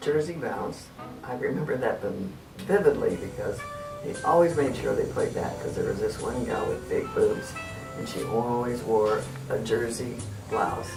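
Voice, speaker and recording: An older woman from Texas, a mother, reminiscing in a chatty, unhurried way during a family interview. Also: rumbling low, gravelly. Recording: roomy, distant mic, music behind.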